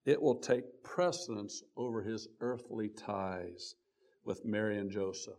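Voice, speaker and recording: A man preaching a sermon, reading old-style scripture aloud and stopping often to restart, his voice swelling on key words and then dropping low and quiet. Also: a little slow. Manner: reads scripture aloud in King James wording with frequent restarts.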